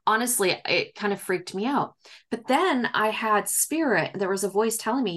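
A woman's voice: mid-range voice, animated, moderate pace, a bit bright. A woman as an interview guest, chatting casually and telling her story with lots of fillers, acting out what people said. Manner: chatty, acts out quoted dialogue, many fillers. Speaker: guest medium.

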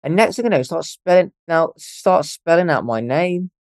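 A young man tells his story in a lively, animated way, swearing freely and acting out the voices of the people he met. His voice sits a little on the high side for a man, and it comes across close and dry, with no room sound. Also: normal speed, dry recording. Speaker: podcast guest. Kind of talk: casual storytelling.

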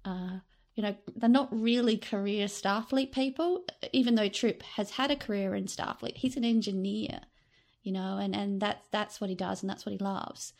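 A woman's voice: medium pitch, moderate pace, gravelly, a little mellow. Podcast co-host, woman from Australia, mid-range voice, chatty and opinionated with hesitant fillers. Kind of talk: casual podcast discussion.

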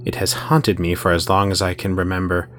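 A man voicing a possessed, murderous man bound to a demon, speaking with slow, gloating menace. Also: deep voice, flat delivery, a bit bright, slight background noise. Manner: slow, gloating menace with raised, strained outbursts.

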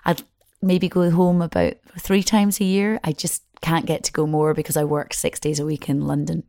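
A woman's voice: low-pitched, level tone, moderate pace, mellow, dry recording, clean studio sound. A middle-aged woman from Scotland with a Glaswegian accent, chatting at length and a little self-deprecating as a presenter being interviewed. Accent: Glaswegian Scottish. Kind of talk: casual interview chat.

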